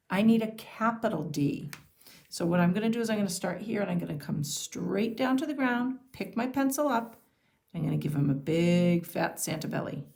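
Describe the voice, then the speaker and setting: A woman teaching young children to sound out and write simple words, speaking slowly and clearly. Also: on the low side, a little mellow. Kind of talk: early-reader phonics and handwriting lesson.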